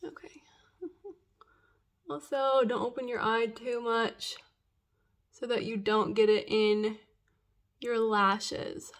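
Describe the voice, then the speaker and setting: Young adult woman, waxing pro, casual how-to, chatty with nervous laughs, slightly high pitch. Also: little pitch movement, slow pace, long pauses. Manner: drops to a whisper while waxing herself. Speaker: waxing professional. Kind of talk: casual tutorial.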